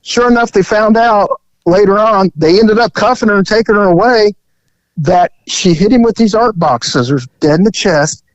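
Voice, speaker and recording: A man co-hosting a podcast, telling a profane, animated story from his time as a police officer. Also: high voice, normal speed, dry recording, dull audio. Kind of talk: casual storytelling chat.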